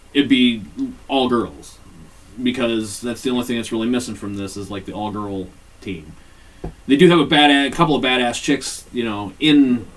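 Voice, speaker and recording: A man's voice: medium pitch, recorded from a distance, low-quality recording. Guy on a podcast, cussing a lot, acts out the lines, sounds a bit off mic. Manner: profane, animated retelling with acted-out quotes. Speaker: podcast co-host. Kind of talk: casual chat reviewing a TV show.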